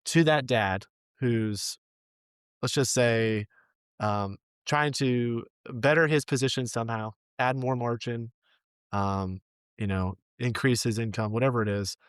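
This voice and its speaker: A man's voice: mid-range voice, a little slow, smooth, no echo, studio quality. A man hosting a faith podcast, closing an interview by encouraging his listeners. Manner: warm, encouraging, addresses his audience. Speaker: podcast host. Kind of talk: casual interview wrap-up.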